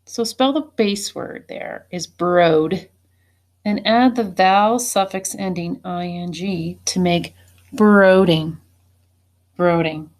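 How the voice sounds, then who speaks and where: Woman teacher, low-pitched, reads out a spelling test slowly and patiently, saying each word twice. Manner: slow, deliberate, repeats each word. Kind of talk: slow spelling dictation.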